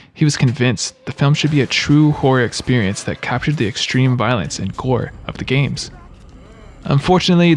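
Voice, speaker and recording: A man giving scripted video-game trivia narration, with wry, joking asides. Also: medium pitch.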